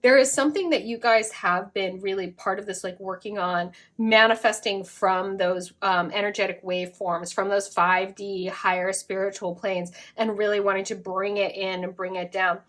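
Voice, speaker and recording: A woman's voice: medium pitch, fairly even intonation, normal speed, few pauses, a bit bright. A woman giving a casual spiritual tarot reading to her viewers, effusive and rambling, with lots of fillers and frequent giggles. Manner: breaks into giggles. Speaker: tarot card reader.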